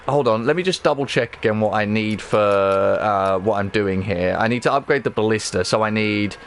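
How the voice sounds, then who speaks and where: Guy livestreaming a game, rambly and sweary, gets all excited, bit of hiss behind him. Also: mid-range voice. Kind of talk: casual gameplay livestream chat.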